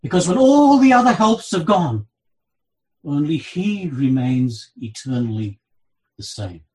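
A man preaching an expository sermon, reading scripture aloud with a dramatic delivery that swings between loud and soft. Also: sing-song, low-quality recording. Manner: dramatic, slow delivery with wide swings in pitch and loudness.

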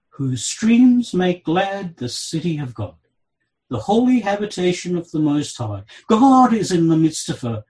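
A man preaching an expository sermon, reading scripture aloud with a dramatic delivery that swings between loud and soft. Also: rough recording. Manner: dramatic, slow delivery with wide swings in pitch and loudness.

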